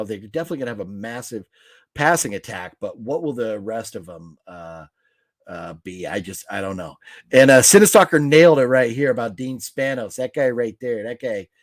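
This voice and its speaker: Male live-stream host, middle pitch, dry close mic, rambling chat with viewers. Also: no room sound. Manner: rambling, reacts to viewer comments with fillers and restarts.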